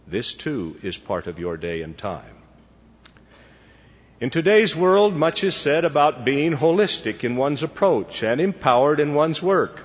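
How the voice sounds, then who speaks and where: Husky man giving a formal sermon in a reverberant hall. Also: a little high, sing-song. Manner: measured, formal, deliberate delivery. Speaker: church leader addressing students. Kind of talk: formal devotional address. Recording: dull lo-fi recording with long hall reverb.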